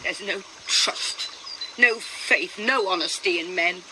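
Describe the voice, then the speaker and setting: A woman's voice: lowish voice, takes it slowly, pushed and bright, a little hiss or hum, full character voice, rough recording. A woman reading the part of Juliet's nurse, lamenting and declaiming Shakespeare verse. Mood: bitter. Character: Juliet's grieving older nurse.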